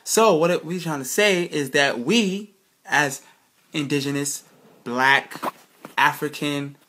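A man's voice: a little high, takes it slowly, sharp tone. Emphatic man lecturing with rhetorical questions. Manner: emphatic, keeps asking "right, people?"; rhetorical questioning, restarts mid-sentence. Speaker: presenter giving a slide lecture. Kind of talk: casual spoken lecture to viewers.

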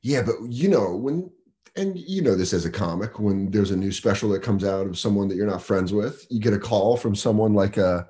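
A man, a comedian guest on a podcast, chatting casually and telling stories with quick put-on voices. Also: on the low side. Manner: loose, animated storytelling with quick voices.

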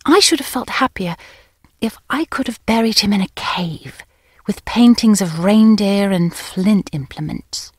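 A woman reads a novel aloud in the first person, crisp and wryly amused, at a middle pitch. The recording is close and dry, with no room around her. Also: expressive, measured pace, dry recording. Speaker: audiobook narrator. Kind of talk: first-person audiobook narration.

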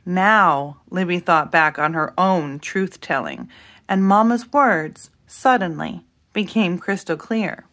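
Expressive woman reading a storybook aloud. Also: fairly low pitch, takes it slowly. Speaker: storybook reader. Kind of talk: reading a picture book aloud.

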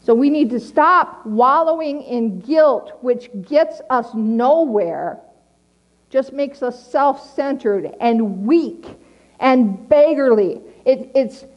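A middle-aged woman gives a plainspoken, earnest sermon, repeating key lines slowly to underline them. Her high voice is animated, and the sound is lo-fi.

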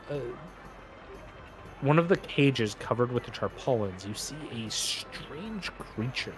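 Man narrating as game master. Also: mid-range voice. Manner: loose, filler-heavy narration with many restarts.

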